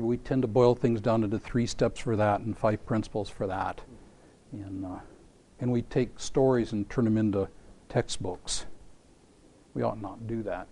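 A man's voice: lowish voice, warm tone. A man preaching a sermon. He tells a scripture story with animation, acts out voices in it, and asks rhetorical questions.

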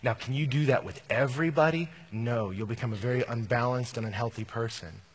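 A man's voice: mid-range voice, fairly quick, husky. A man, a campus minister, preaching a sermon in a conversational, emphatic way.

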